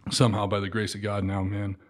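A man's voice: lowish voice, quick pace. A man, an army veteran, telling stories in casual chat and acting out the voices of sergeants and of his scared younger self. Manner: animated, acts out sergeants' shouts and his own scared replies.

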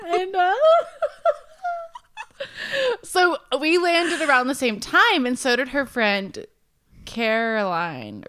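A woman's voice: high voice, slow, long pauses, a little hiss or hum. A woman co-hosting a podcast, telling stories in casual chat and laughing easily. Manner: laughs easily, animated storytelling. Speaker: podcast co-host.

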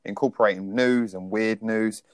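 A man's voice: lowish voice, moderate pace, no echo, clean studio sound. A man co-hosting a podcast, chatting casually and poking fun at himself. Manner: lively, self-deprecating banter. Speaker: podcast co-host. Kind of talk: casual chat.

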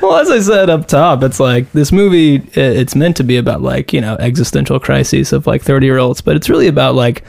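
A man's voice: mid-range voice, animated, brisk, vocal fry, hardly any pauses, a little mellow. A man co-hosting a film podcast, joking and laughing easily in casual chat. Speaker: podcast co-host.

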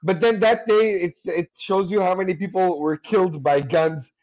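A man on a casual comedy podcast, cracking dark deadpan jokes with plenty of swearing. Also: sits high, normal speed. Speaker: podcast co-host. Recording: muffled lo-fi sound.

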